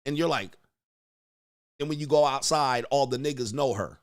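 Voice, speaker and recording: A man's voice: mid-range voice, normal speed. Crude, joking male commentary host. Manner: crude, joking, mimics voices. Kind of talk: casual reaction commentary.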